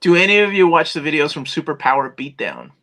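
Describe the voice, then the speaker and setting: A man's voice: a little high, sing-song, fast talker, a bit bright, a little hiss or hum. A man hosting a live comics chat, reading viewer questions aloud and riffing on them. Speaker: host.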